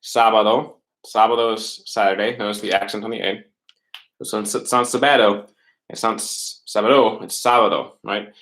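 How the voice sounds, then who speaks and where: Male teacher, lowish voice, patient webcam lesson delivery with frequent check-ins. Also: level tone, a bit bright, rough recording. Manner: patient, repeats words slowly, fillers and checks like "right?". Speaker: middle school Spanish teacher. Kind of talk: recorded online class lesson.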